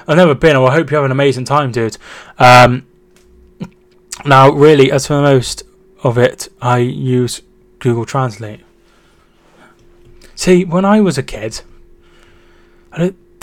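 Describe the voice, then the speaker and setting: A man's voice: mid-range voice, normal speed, no room sound. A young man hosting a casual football live stream, reading chat messages, thanking viewers and calling out match updates. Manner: reads chat aloud, thanks viewers, trails off and restarts; excited shouting at goals.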